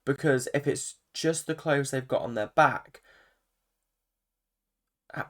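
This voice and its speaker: Chatty, animated recap vlogger. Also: medium pitch, takes it slowly. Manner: chatty, animated, lots of fillers. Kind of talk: casual commentary.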